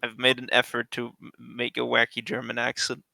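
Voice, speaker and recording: A man taking part as a player in a tabletop roleplaying session. His voice is gravelly with a lot of fry, yet bright and sharp in tone. He chats casually, swears now and then, and laughs easily. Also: mid-range voice, completely flat delivery, a little fast.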